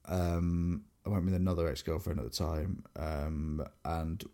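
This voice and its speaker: A young English man, co-hosting a podcast, telling animated stories in casual chat with many restarts. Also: low-pitched, unhurried, gravelly. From England. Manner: animated storyteller, lots of fillers and restarts. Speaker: podcast co-host.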